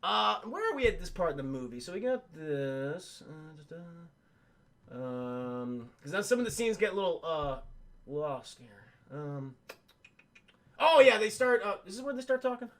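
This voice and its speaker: A man's voice: sits high, sing-song, a little slow. A man reviewing a film on a livestream, rambling casually, swearing and talking to his chat with many fillers.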